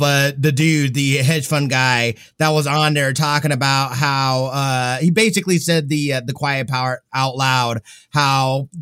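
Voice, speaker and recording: A man's voice: fairly high pitch, a bit bright, no room sound, clean studio sound. A man co-hosting a gaming podcast, giving frank opinions in casual chat with some fillers. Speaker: podcast co-host.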